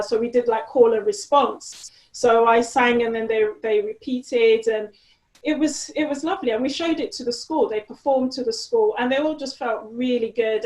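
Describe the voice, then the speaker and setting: A woman's voice: fairly high pitch, darkish tone. A woman, a guest in an interview, talking casually with lots of fillers and restarts. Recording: roomy echo.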